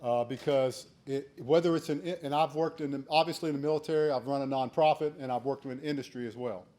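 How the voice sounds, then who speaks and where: A man in his sixties giving a keynote speech, telling a folksy story and becoming animated when he acts out shouted quotes. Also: mid-range voice, fast. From United States. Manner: earnest and urging in advice. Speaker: keynote speaker.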